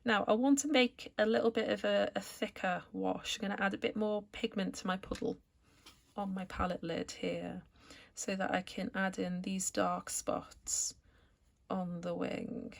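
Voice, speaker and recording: Woman, art tutor, gravelly vocal fry, calm step-by-step painting lesson. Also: medium pitch, measured pace. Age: adult, returned to art after school years. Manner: calm, gentle, explains each step as she paints. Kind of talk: painting tutorial narration while working.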